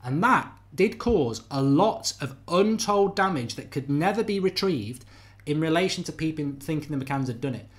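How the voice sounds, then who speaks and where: Podcast host, man, middle-aged, fairly high voice, animated and emphatic, repeats himself for effect. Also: moderate pace. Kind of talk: live debate podcast, reading viewer comments.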